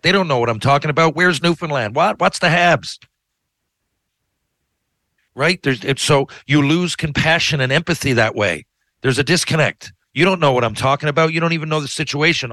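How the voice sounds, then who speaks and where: A man's voice: on the high side, brisk, pushed and bright, no room sound. A man in a heated, profane, rambling rant, often restarting his sentences. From Canada. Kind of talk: ranting monologue.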